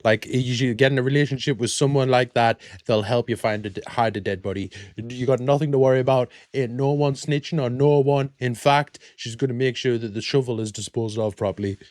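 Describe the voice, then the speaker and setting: A man's voice: mid-range voice, brisk, hardly any pauses, a little mellow, no room sound. A British man hosting a reaction video, chatting casually and joking in rambling asides. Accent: British English. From Britain.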